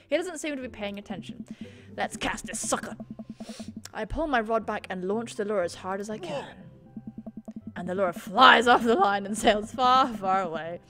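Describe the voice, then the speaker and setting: Woman streamer, bright lively voice, excitable and sweary commentary over a game. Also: medium pitch. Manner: excitable, swearing, sudden loud outbursts. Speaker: gaming streamer. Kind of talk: let's play commentary reading game text.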